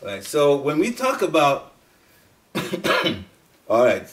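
A man's voice: wildly swooping pitch, takes it slowly. Middle-aged man giving a devotional talk, mic at a distance. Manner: storytelling, with laughs and sudden jumps in pitch. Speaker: speaker at a devotional study group. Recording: voice picked up from a distance.

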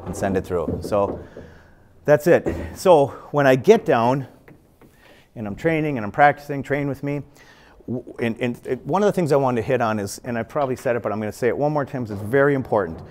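A slightly mellow, mid-range voice belongs to a fifties-aged pool instructor giving an easygoing but earnest lesson at a billiard club. He repeats phrases as he demonstrates his stroke.

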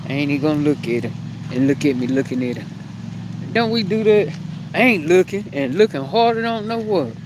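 A woman's voice: deep voice, normal speed, noisy background. Chatty woman vlogging at home. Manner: chatty, animated, talks straight to the camera. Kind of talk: casual chat to viewers. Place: at home, then outdoors on the porch.

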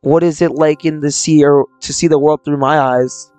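A man's voice: fairly high pitch, steady tone, normal speed, darkish tone, smooth, no room sound, close to an everyday voice. A man reading aloud the lines of a troubled young person with mental illness from a visual novel, in a subdued, confessional way. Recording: dry close mic, faint game music.

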